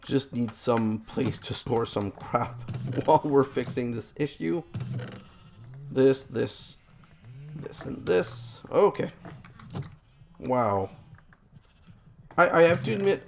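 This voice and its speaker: A man talks through his let's play session in a rambling, self-deprecating way, often exasperated by glitches and setbacks. His voice has a gravelly edge at a middling pitch. Faint keyboard clicks and typing can be heard behind him. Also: expressive, slow pace, a little hiss or hum. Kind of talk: let's play game commentary.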